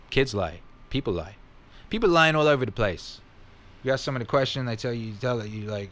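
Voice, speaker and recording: A man's voice: medium pitch, animated, fairly quick, a bit bright. Blunt, swearing male stream host. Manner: blunt, emphatic, swears freely; repeats catchphrases. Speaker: host answering viewer questions. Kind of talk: casual livestream Q&A.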